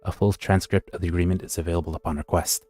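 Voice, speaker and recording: A man's voice: low voice, level tone, fast talker, darkish tone, breathy edge, faint music behind. A man sight-reading a story aloud on stream, plainly and with small stumbles.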